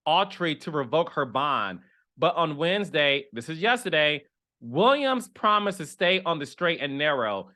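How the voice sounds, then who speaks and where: A man hosting a reality TV commentary show, talking in an animated, chatty way with dramatic asides. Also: on the high side. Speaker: reality TV commentator and podcast host. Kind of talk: casual chat.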